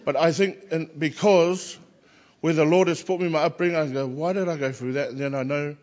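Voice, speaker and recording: A man, a Christian chaplain, telling lively personal stories and acting out the voices of the people in them. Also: on the high side, brisk, muffled recording. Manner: animated anecdotes, acts out quoted voices. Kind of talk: personal storytelling.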